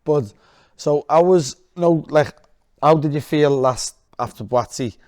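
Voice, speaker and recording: A man co-hosting a casual interview, asking halting, restarting questions. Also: fairly high pitch, darkish tone. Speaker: co-host.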